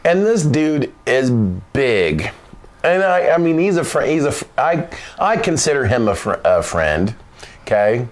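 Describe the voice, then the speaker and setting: A man hosting his own show, telling a funny story in an animated, loose way, laughing often and swearing casually. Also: mid-range voice, measured pace. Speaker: vlog host. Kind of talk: comic storytelling.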